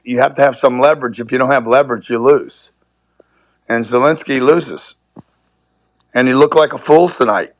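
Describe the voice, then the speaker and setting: A man's voice: medium pitch, no echo. A man calling into a live talk show, arguing his point with blunt, profane emphasis and repeating words for stress. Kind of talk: heated casual debate. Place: remote call from a resort.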